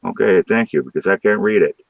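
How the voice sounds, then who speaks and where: A man's voice: low-pitched, fairly quick, vocal fry, no room sound, lo-fi sound. A man hosting a live stream, trading rowdy, crude jokes with his chat in a loose, casual way. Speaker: livestream host.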